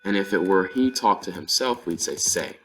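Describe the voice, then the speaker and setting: A man with a very low, deep voice teaches a language lesson. He explains things patiently and step by step, working through example phrases. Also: lively intonation, normal speed, a bit bright, a little hiss or hum. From North Carolina, USA. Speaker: Spanish teacher.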